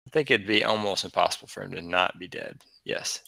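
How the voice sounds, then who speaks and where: A man running a tabletop game online as game master, relaxed and chatty, laughing often. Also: sits low, brisk, creaky, dry recording. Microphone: online voice chat.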